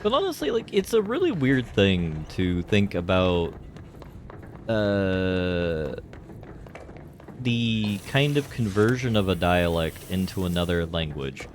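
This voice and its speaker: Low-voiced man rambling over gameplay. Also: very animated, takes it slowly, a little hiss or hum. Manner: rambling and jokey, heavy on fillers. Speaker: streamer. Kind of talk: casual live gameplay commentary.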